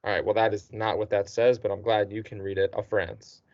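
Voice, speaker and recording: A man's voice: fairly low pitch, flat delivery, brisk, no room sound. A man teaching a student one-on-one, patient and encouraging, checking in with the student often. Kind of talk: one-on-one tutoring session. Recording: dull dry lo-fi recording.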